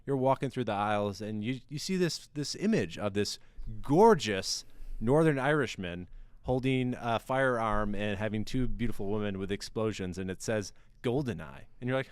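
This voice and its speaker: A man with a lowish, smooth and clear voice hosts a podcast. He chats casually and plays around with jokes. The sound is dry and close on the mic. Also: normal speed, dry recording. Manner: playful, animated, jokey. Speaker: podcast host. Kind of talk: casual podcast chat with mock ad reads.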